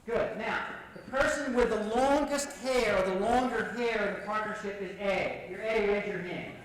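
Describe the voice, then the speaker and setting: A man giving an animated workshop lecture, repeating points and directing the audience, recorded from far off on old reel tape in an echoey hall. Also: high voice, normal speed. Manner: animated, repetitive, coaching the audience.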